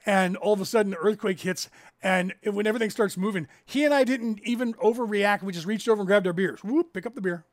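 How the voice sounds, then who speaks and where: A man in his fifties from California, rambling casually as he hosts a livestream and tells stories, with a raspy edge. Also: high-pitched, fast talker, no room sound. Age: 50s. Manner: rambling storyteller, acts out others' lines in raised voices. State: raspy from COPD. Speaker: livestream host.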